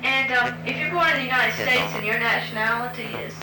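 A woman's voice: fairly high pitch, a little fast. A woman interviewer asking prompt questions patiently, with frequent ums. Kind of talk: structured question-and-answer interview. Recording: roomy recording with background hiss.

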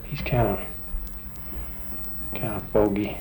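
A man's voice: on the low side, fairly even intonation, slow pace, gravelly, dark tone, slight background noise, rough recording. An older man, chatting casually as the interviewee in a folksy, rambling, plainspoken way. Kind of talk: casual chat.

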